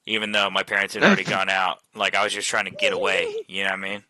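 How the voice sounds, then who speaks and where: Man with a very bright, dry voice. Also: lowish voice, sing-song, quick pace, dry recording. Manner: loose and profane, full of "like" fillers. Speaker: host chatting with friends on voice chat. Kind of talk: casual storytelling chat.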